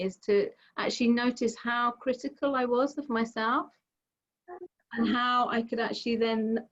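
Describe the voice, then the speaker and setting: A middle-aged woman gently guiding a mindfulness session over a video call, explaining with everyday examples. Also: fairly high pitch. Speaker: mindfulness teacher. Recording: slightly dull video call audio.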